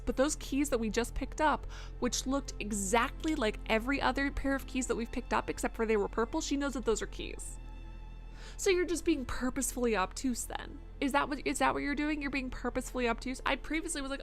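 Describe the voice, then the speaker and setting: A woman's voice: high voice, fairly quick, soft background music. A woman streaming a video game, ranting in dramatic exasperation. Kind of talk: live game stream commentary.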